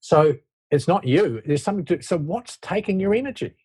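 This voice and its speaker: A man's voice: sits high, animated, normal speed, a little mellow, slightly rough. A man speaking as a leadership expert guest in an interview, explaining his ideas in a reflective, loose way and often restarting his sentences. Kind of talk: conversational interview talk.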